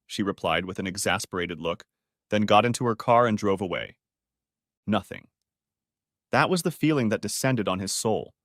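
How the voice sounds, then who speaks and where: Man reading a story, dry and steady. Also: medium pitch, no echo. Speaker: audiobook narrator. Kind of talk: scripted narration.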